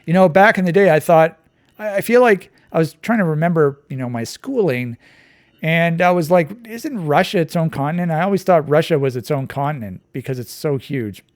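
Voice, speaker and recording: A man's voice: on the high side, a little fast, no echo. A man giving casual, digressive commentary while playing a map quiz, thinking aloud as he goes. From Canada. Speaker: quiz channel host.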